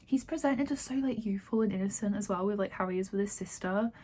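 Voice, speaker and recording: A woman's voice: medium pitch, quick pace, a little mellow, slightly rough. A woman from Yorkshire, giving a chatty book-reading update full of "like" and open feeling. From Yorkshire, England. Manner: chatty, heavy use of "like", openly emotional about the book. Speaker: book vlogger and author.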